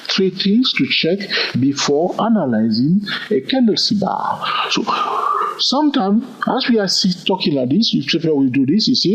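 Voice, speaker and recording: In a husky, fairly high voice that's very animated at normal speed, a trading instructor walks through a chart lesson. He counts the moves aloud and keeps checking in with his viewer, all on a dull lo-fi recording.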